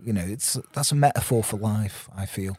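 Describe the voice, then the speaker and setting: A man's voice: on the low side, normal speed, a little mellow, slightly rough, no echo, clean studio sound. A man, a podcast guest, chatting casually and rambling through crude anecdotes on a podcast mic. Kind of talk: casual chat.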